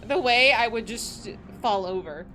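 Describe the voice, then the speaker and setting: A woman streaming a game, reacting with excitable, laughing, emotional outbursts. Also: on the high side, a little slow, faint music behind. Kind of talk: casual gameplay livestream.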